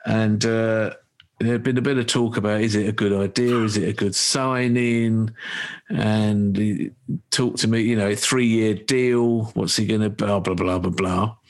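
A man's voice: fairly low pitch, a little slow. A man hosting a casual chat, telling stories and laughing often. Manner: laughs often, lively storytelling. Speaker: podcast host.

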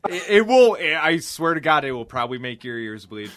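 A man's voice: fairly high pitch, very animated, a little fast, fairly bright tone, no room sound. A young man hosting a podcast, laughing and swearing through casual chat. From United States. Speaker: podcast host.

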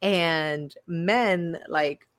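A woman's voice: lowish voice, extremely slow, no echo. Woman co-host, casual chat, musing and filler-heavy, dry close sound. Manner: reflective, rambling with many fillers. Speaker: podcast co-host.

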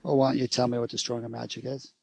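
A man acting out an angry, berating husband in a role-play, then calmly explaining it. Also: mid-range voice, quick pace, creaky. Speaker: co-host demonstrating an angry spouse. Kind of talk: role-play demonstration in a talk show.

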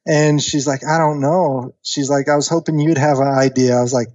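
A man in his thirties casually telling a long story on a podcast, animated and acting out the voices of the people in it. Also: medium pitch, normal speed, dry recording, muffled recording. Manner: animated storyteller, acts out quoted voices, many fillers. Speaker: podcast guest.

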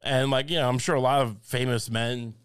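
A podcast co-host with a medium-pitched, steady, clean voice speaks briskly in a casual comedy chat. He rambles and stammers through jokes and laughs at his own bits.

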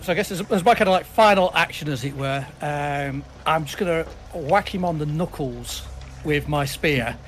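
A man's voice: fairly high pitch, moderate pace, faint music behind. A man playing a tabletop game, speaking in a hesitant, casual way. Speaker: player.

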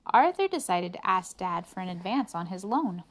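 A woman reading a picture book aloud to a child, expressive and adding chatty asides. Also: fairly low pitch, normal speed. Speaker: reader to a child.

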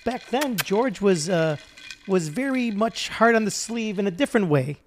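A man co-hosting a podcast, telling a story in a rambling casual chat with halting restarts. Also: high voice, lively intonation, background noise. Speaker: podcast co-host.

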